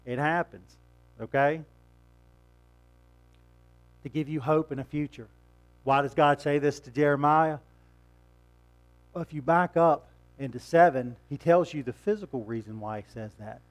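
A man's voice: fairly high pitch, unhurried, long pauses, faint music behind. A man preaching a sermon in a conversational way, asking rhetorical questions and chuckling now and then.

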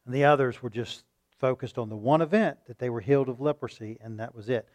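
A man preaching a sermon, asking his listeners questions and acting out loud pleas now and then. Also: medium pitch, fast talker. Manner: shifts between calm teaching and loud acted-out pleading; rhetorical questions to the congregation.

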